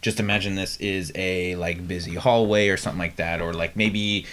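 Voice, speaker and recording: A man co-hosting a podcast in casual, rambling chat, laughing often and filling pauses with "um". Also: deep voice, slight background noise. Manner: animated, laughing, rambling with fillers. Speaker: podcast co-host.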